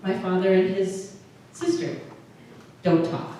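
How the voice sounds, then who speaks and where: A woman pastor delivers a conversational sermon, frequently pausing and restarting her phrases. Her mid-range voice is mellow and slow. The mic is distant, in a very echoey room with faint noise.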